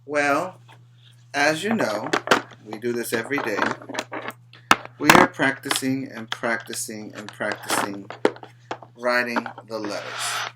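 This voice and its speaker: A man teaching preschoolers in an online class, chanting and singing in a slow, encouraging sing-song. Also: medium pitch, background noise. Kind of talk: sing-song classroom lesson for small children. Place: home or classroom, recording for virtual class.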